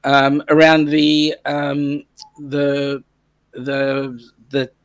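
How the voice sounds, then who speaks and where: A man's voice: a little high, completely flat delivery, drawn-out words, clean tone. A man co-hosting a casual live stream chat, teasing his guests and reading out viewer comments.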